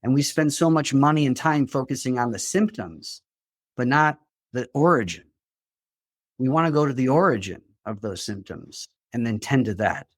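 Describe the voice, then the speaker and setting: A man's voice: medium pitch, expressive, normal speed, no room sound. Guy therapist on a podcast, earnest, explains stuff, trips over words a bit, dry close mic. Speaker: therapist and grief coach. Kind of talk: interview guest explaining.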